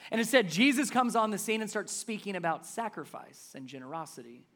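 This pastor's sermon is very animated and fairly quick, conversational but emphatic. Loud stressed words alternate with hushed, low asides.

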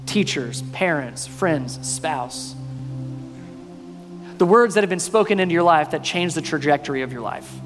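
A male pastor preaching a sermon, mostly earnest and quiet, breaking now and then into loud, playful bursts. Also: fairly high pitch. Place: church sanctuary. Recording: long reverb in a hall, faint music.

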